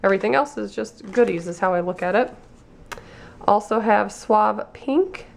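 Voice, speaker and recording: A woman's voice: medium pitch, normal speed, vocal fry. A woman vlogger losing her voice, chatting casually through a beauty box unboxing and reading labels aloud.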